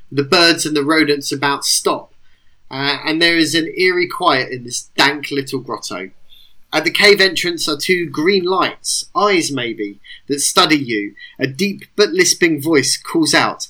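Guy running a tabletop game, bright clear voice, calm scene-setting. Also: on the high side, unhurried. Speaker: game master.

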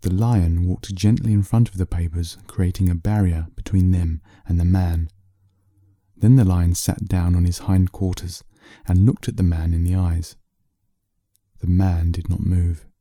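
A man reading a bedtime story aloud in a slow, soothing narration. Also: low voice, little pitch movement, mellow, no room sound, clean studio sound.

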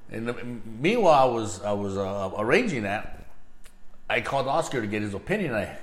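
A man's voice: fairly low pitch, very animated, fairly quick. A middle-aged man hosting a podcast, telling a story in loose, casual chat, swearing freely and tossing in Spanish words. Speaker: podcast host. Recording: roomy echo.

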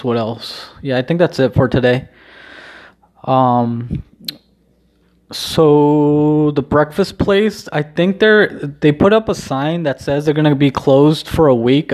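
A young adult man talking in a casual rambling vlog, halting and restarting often with many ums, swearing casually in a subdued, self-deprecating way. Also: mid-range voice, darkish tone. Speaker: vlogger.

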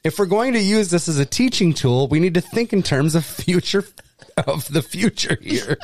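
Sarcastic man with lively pitch. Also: dry recording. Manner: sarcastic, deadpan satire. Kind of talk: casual chat, sarcastic satirical reading.

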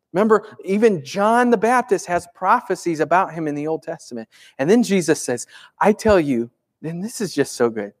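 A man's voice: high voice, lively intonation, normal speed, a little mellow. A man in his thirties preaching a sermon in a conversational way, asking the congregation rhetorical questions. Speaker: pastor.

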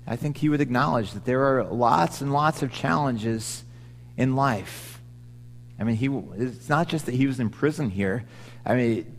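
Male pastor, relaxed conversational sermon, mid-range voice, lingering hall echo. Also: medium pitch. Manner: conversational, with frequent restarts and asides.

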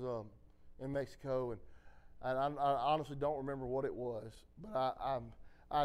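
A preacher delivering an impassioned sermon, swinging between loud exhortation and quiet storytelling. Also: male voice, medium pitch. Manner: impassioned, rising and falling.

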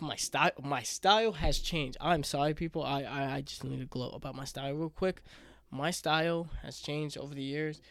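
With a slightly high voice captured in clean studio sound free of room noise, a man in his 20s hosts his own podcast. He speaks with heartfelt emotion, wandering through thoughts with many restarts and occasionally choking up.

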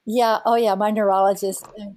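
An older woman, a scientist, animatedly recounting a personal story in an interview with a husky voice. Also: medium pitch, moderate pace, dry recording. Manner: animated, breaks into laughter and restarts. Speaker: scientist guest.

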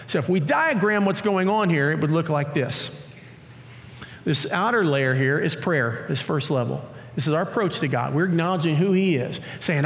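A male pastor preaching a sermon in a lively, story-acting way, recorded in a church. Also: on the high side, moderate pace. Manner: animated, acts out scripture stories. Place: church auditorium. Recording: long church hall reverb.

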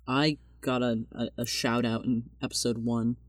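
A teenage boy chatting casually and animatedly about his family, slipping into higher voices when he quotes them. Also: moderate pace, dry recording, studio quality. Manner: animated, mimics relatives in higher voice. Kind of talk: casual chat.

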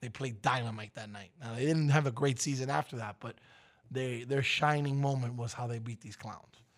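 A radio co-host, a man in his forties, speaks in a mid-range voice at a moderate pace. Within casual chat he shares an animated story, loudly acting out the quotes of its characters.

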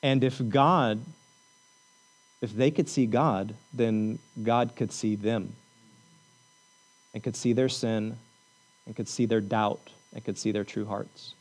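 A man preaching a sermon, repeating lines for emphasis and telling the story with animated energy. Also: on the low side, takes it slowly, pauses often, low-quality recording. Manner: repetitive, emphatic preaching with rising intensity. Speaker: pastor.

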